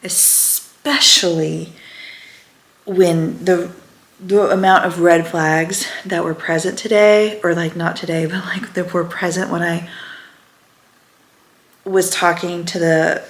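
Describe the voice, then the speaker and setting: Slow, candid woman vlogger in an echoey room. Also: fairly low pitch, steady tone. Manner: candid, confiding, drifts to a near whisper. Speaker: lifestyle vlogger. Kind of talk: casual talk to camera.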